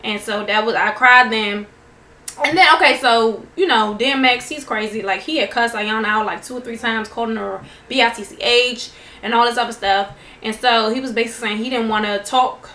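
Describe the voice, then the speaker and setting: A woman casually recapping a TV show in a vlog, chatty and animated, quoting people as she goes. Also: on the high side, brisk. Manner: chatty, animated retelling with quoted dialogue. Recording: echoey room, faint noise.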